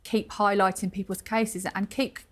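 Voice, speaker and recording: A woman's voice: mid-range voice, level tone, normal speed. A woman being interviewed on a TV talk show, speaking in an earnest, emphatic and chatty way. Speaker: interview guest. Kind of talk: conversational TV interview.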